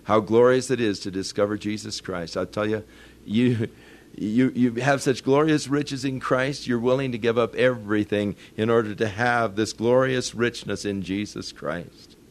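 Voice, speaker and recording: Older pastor preaching with folksy warmth. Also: male voice, on the low side, normal speed. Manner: folksy storytelling, rising to earnest emphasis; chuckles between points. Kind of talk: sermon.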